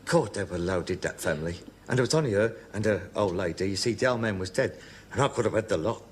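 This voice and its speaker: An actor playing a short-tempered, snobbish middle-aged son in a sitcom, full of theatrical outbursts. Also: male voice, lowish voice, expressive, fast, background noise, close to an everyday voice. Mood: wistful. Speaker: sitcom character.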